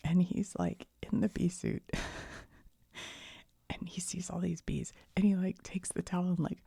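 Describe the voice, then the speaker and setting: A middle-aged woman telling a rambling everyday story in soft-spoken ASMR style, often sinking into a whisper and chuckling as she goes. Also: on the low side, steady tone, a little slow, creaky, slightly rough, dry recording, studio quality. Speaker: ASMR channel host.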